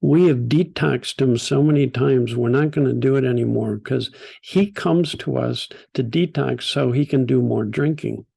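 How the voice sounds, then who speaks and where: An older man teaching a group, telling stories in a gentle, unhurried way with soft laughs. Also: mid-range voice, vocal fry, breathy edge. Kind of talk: storytelling talk.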